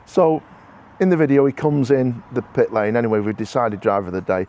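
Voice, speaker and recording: A man's voice: medium pitch, fairly quick, darkish tone. A man talking casually to camera in a vlog, rambling and heartfelt, with many restarts and repeated words. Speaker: motorsport club organiser. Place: outdoors at a racing circuit.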